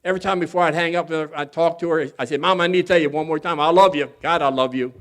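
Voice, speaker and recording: A man's voice: a little high, fairly even intonation, fast talker, fairly bright tone. A man speaking as guest at a recovery convention, telling his personal story in a folksy, candid and earnest way with some humor. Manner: acts out other people's voices when quoting them.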